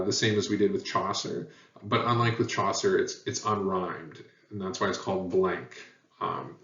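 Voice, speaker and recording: A man's voice: fairly low pitch, a bit bright. A man teaching a lesson, explaining at an easy pace with frequent ums and uhs. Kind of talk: lecture on language history. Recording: echoey room, dull sound, mic at a distance.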